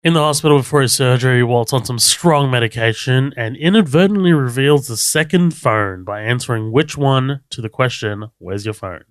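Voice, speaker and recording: A man co-hosting a casual podcast, talking through a TV episode in a relaxed way and swearing easily. His voice is smooth and resonant. The sound is dry and close, with no room to it. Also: medium pitch, moderate pace, hardly any pauses, no echo. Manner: laid-back, swears freely, laughs often. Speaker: podcast co-host. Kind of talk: casual chat recapping a TV episode.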